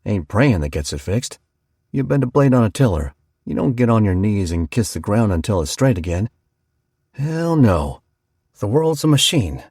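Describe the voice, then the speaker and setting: A man voicing a big, rough male farmer who talks in a thick, slow drawl. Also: on the low side, big pitch swings, darkish tone, dry recording, studio quality, full character voice. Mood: musing.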